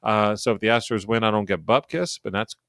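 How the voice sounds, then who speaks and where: A man's voice: fairly low pitch, steady tone, brisk, gravelly, a bit bright, dry recording, studio quality. A man co-hosting a sports betting podcast in casual, profane chat, often stumbling and repeating words. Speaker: podcast co-host.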